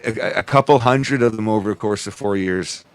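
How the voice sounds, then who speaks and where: A man's voice: fairly low pitch, normal speed, clean tone. A man chatting as a guest over a remote call, rambling with many fillers and asides, swearing now and then. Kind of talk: casual conversation.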